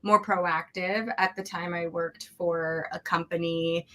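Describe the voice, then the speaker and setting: A woman in her forties with a lowish, bright, keen voice talks through her story as a coach. She sounds earnest and reflective, speaking frankly about intimacy. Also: steady tone, takes it slowly. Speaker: relationship coach, guest. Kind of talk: candid interview talk.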